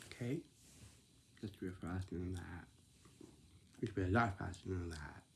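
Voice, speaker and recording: A man telling a rambling casual story, repeating himself and dropping into soft whispers. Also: sits low, moderate pace, vocal fry, a little hiss or hum. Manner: repetitive, restarts phrases, drops into soft whispers.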